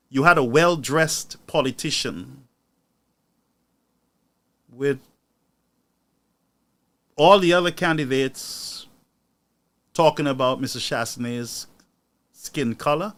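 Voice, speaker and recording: A man hosting a political commentary show, talking to his audience with indignation and rising into loud outbursts. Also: mid-range voice, animated, measured pace, pauses often. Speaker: news commentary host.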